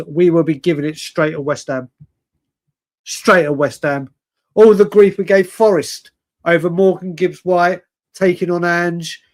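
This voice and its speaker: Brief: man, fan stream host, late night and tired, chatty ranting, stammers, voice sits a bit high.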